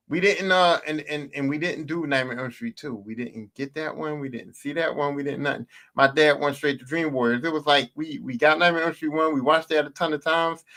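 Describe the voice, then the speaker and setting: Bright-voiced man telling animated stories. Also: on the high side. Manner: animated, profane and repetitive. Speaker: podcast host. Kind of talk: casual storytelling monologue.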